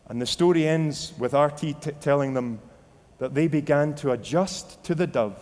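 A man's voice: fairly high pitch, moderate pace, few pauses, a little mellow. A man from Scotland with a Scottish accent, preaching a sermon earnestly and reflectively, sharing a personal testimony. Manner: earnest and reflective, with quoted inner dialogue. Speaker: pastor. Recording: long hall reverb.

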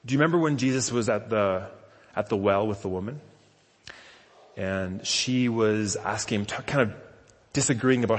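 A man's voice: lowish voice, moderate pace, long pauses. Man preaching in a reverberant hall. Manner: conversational, self-deprecating storytelling. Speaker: pastor. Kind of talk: conversational sermon. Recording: long reverb of a large hall.

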